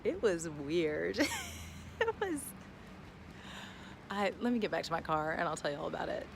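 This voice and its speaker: A woman in her thirties vlogging from inside a parked car, telling a story in an animated, giggly, chatty way. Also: on the low side, moderate pace, creaky, noisy background. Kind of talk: casual storytelling to camera.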